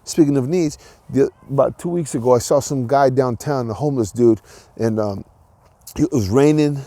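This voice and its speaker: Rambling male podcast host with a dark voice. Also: medium pitch, normal speed, dry recording. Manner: rambling, with frequent restarts and filler words; earnest and encouraging. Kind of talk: casual solo monologue.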